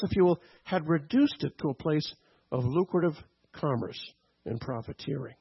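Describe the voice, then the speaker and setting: A man's voice: on the high side, animated, normal speed, vocal fry, breathy edge, lo-fi sound. A man preaching a teaching sermon, checking in with "okay?" and "right?" as he explains. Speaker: pastor.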